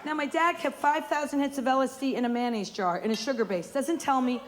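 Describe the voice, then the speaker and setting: A woman comedian doing brash, rapid-fire stand-up on a comedy club stage. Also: high voice. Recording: live club recording, loud audience laughter.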